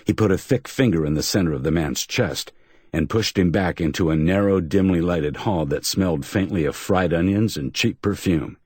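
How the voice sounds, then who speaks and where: A man narrates a hardboiled crime audiobook with measured, steady delivery. His voice is very deep and husky, recorded dry and close with no room sound. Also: no echo. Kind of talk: scripted narration.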